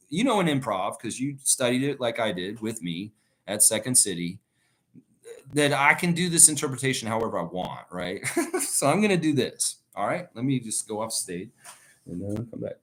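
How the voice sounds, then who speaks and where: A man hosting a casual live stream, chatting loosely and reading viewer comments aloud as he rambles through his thoughts. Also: medium pitch. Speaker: livestream host reading chat. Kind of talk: casual live reaction chat.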